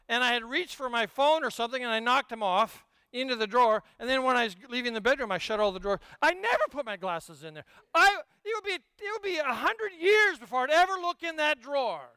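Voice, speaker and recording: An older man preaching a sermon, telling stories with humor and swinging from hushed asides to shouted peaks. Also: very high voice, expressive, a little fast, smooth, no room sound. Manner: storytelling with humor. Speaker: pastor.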